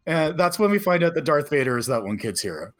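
A man with a lively, slightly high voice co-hosts a casual movie podcast. He adds wry, dry asides with plenty of swing in his pitch. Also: quick pace. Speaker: podcast co-host. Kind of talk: casual movie-recap chat.

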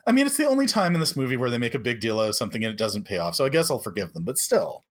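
A woman co-hosting a podcast, making wry, deadpan jokes as she recaps a film. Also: extremely low pitch, racing, a little hiss or hum. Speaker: podcast co-host. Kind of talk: casual movie recap chat.

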